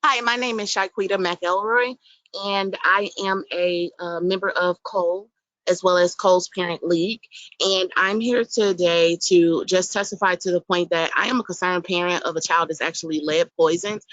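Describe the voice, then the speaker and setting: Mother at public hearing, lowish voice, dry muffled remote audio, earnest and halting. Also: fairly even intonation, fairly bright tone, dry recording. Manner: earnest, emotional, halting with fillers. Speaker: public commenter, concerned parent. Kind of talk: public testimony at a council hearing. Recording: dull, muffled call audio.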